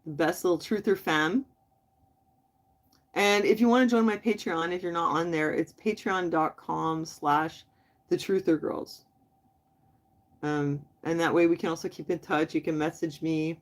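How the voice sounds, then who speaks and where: A woman's voice: on the low side, steady tone, unhurried. A woman hosting a casual late-night livestream, chatting loosely with viewers and laughing easily. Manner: chatty, talks straight to viewers in the chat; laughs often, loose and friendly. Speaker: livestream host.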